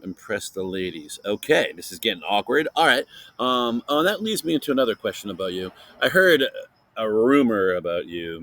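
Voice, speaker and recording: A man hosting a casual science podcast for kids, playfully interviewing a silent guest and filling pauses with chatter. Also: on the low side, a bit bright. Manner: chatty with many fillers. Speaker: podcast host.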